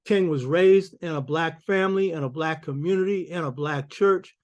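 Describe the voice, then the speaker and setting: Older male lecturer, emphatic preacherly delivery, slightly high-pitched voice. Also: normal speed, a little mellow. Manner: preacherly, emphatic, calls out "you hear me?". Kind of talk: public lecture.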